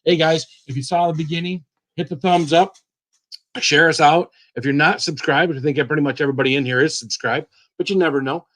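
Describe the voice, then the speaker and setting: Live stream host, male, slightly higher voice, easygoing chat, greets everyone by name. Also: brisk. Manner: greets viewers by name, repeats himself, relaxed and chatty.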